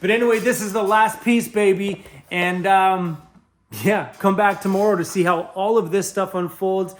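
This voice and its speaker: Chatty upbeat man vlogging, higher voice. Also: fairly even intonation, normal speed. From Canada. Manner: chatty and upbeat, laughs often. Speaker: van life vlogger. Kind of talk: casual vlog talk to camera.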